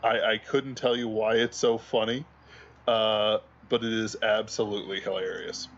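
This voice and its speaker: A man's voice: on the low side, little pitch movement, normal speed, highs cut off. A man co-hosting a livestream in casual chat, rambling while hunting for memes. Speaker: livestream co-host.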